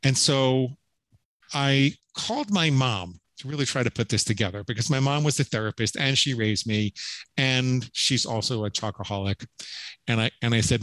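A middle-aged man speaks as a podcast guest, earnest and emphatic as he works through his story. His voice sits at an ordinary male pitch and is recorded close and dry, with no room around it. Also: normal speed, a bit bright, no room sound, low-quality recording. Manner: earnest, emphatic, with frequent restarts and "right?" tags. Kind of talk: storytelling interview talk.

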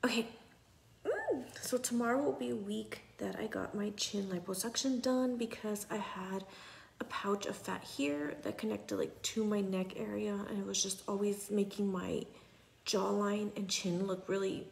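A young woman talking casually to her phone at home, chatty and often dropping to a soft near whisper. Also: medium pitch, moderate pace, vocal fry. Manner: chatty, repeats "you guys", drops to a near whisper at times. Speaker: patient sharing her recovery. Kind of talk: casual selfie vlog. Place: at home indoors.

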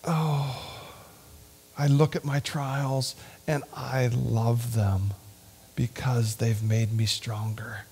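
A man preaching a sermon and leading a prayer in a church, earnest and heartfelt, sometimes sinking to a hushed whisper. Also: mid-range voice, flat delivery, slow pace, breathy edge. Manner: earnest, drops to a hushed whisper at tender points. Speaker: lay preacher. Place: church sanctuary.

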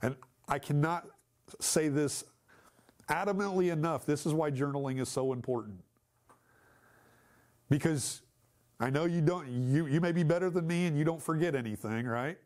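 A man's voice: fairly high pitch, normal speed, pauses often, darkish tone. A man teaching a church Bible study class, talking in a conversational, emphatic way and putting questions to the class.

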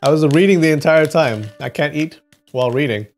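A man's voice: fairly high pitch, a little fast, faint music behind. A man chatting casually and laughing as he wraps up a livestream of folktale readings. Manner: chatty, giggly, thinks aloud.

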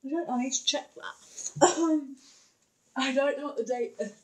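A woman's voice: high-pitched, moderate pace, pauses often, poor audio. A young woman chatting casually in a home vlog, rambling with many fillers and hesitations. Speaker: vlogger.

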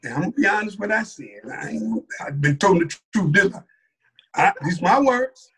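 A man with a high, bright voice and a husky edge tells his testimony as a story. He talks loosely and colloquially, with plenty of energy, and jumps into other people's voices as he goes. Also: normal speed. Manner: animated, colloquial, acts out other people's lines. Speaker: mosque captain. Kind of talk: personal testimony told as a story.

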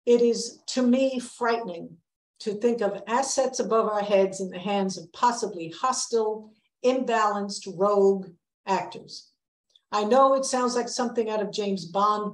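A woman's voice: mid-range voice, a little slow. An older woman giving a prepared public lecture, earnest and emphatic, sounding a warning. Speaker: public lecturer, planetary scientist. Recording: echoey lecture hall.

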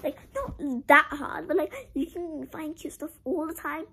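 A young girl chatting through a clothing-haul vlog. Her voice sits high and swoops up and down, and she leans on "like" constantly. She sounds dramatic about small disappointments. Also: animated, unhurried, fairly bright tone, low-quality recording. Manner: chatty, heavy use of "like", dramatic about being sad. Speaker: vlogger.

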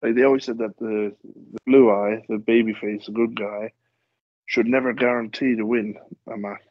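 A wrestler guesting on a podcast tells rambling stories in casual chat, animatedly acting out the quotes. His voice is fairly low at a moderate pace, with no room sound and a dull lo-fi quality.

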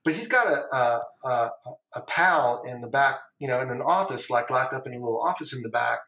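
A man's voice: medium pitch, expressive, a little fast, pushed and bright. Rambling middle-aged man in an echoey room. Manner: rambling, repeats phrases, casual swearing. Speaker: podcast guest, former trader. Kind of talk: casual storytelling interview.

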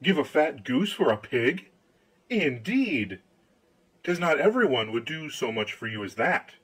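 A man's voice: mid-range voice, big pitch swings, unhurried, a bit bright, slightly rough, heavily acted, rough recording. A man voicing a shrewd, sly countryman who talks in a persuasive, confiding manner.

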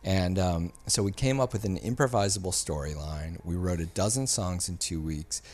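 A man, a filmmaker guest on a podcast, telling a story in a casual, animated way and acting out the people he quotes. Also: deep voice, normal speed. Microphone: studio mic.

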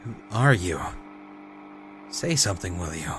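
A man's voice: low voice, expressive, a little slow, a bit bright, soft background music. A man voicing a frail, confused old mother who frets over her son. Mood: frightened.

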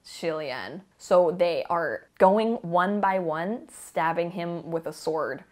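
A woman rambling casually about a book she loves, with an animated, gushing fan manner and frequent laughter. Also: on the low side, slow pace. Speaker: book vlogger. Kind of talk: casual book review chat.

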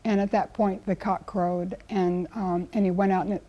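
A woman's voice: mid-range voice, little pitch movement, moderate pace, muffled recording. A woman, a guest Bible teacher speaking in an earnest, conversational teaching style. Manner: earnest, storytelling with acted quotes.

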